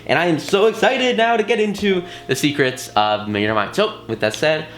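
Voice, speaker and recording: A man's voice: on the high side, brisk, a bit bright, roomy sound, a little hiss or hum. A man giving a casual, enthusiastic course lesson, talking in slangy bursts with many fillers and restarts. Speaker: course instructor.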